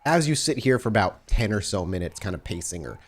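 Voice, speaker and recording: A man's voice: lowish voice, sing-song, fast. Man narrating a tabletop game. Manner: descriptive, second-person scene narration. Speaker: game master.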